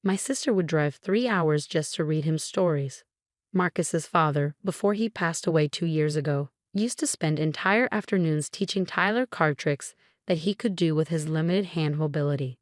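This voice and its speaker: A young woman narrating a first-person story in a calm, measured way. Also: deep voice, no echo, studio quality. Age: young adult.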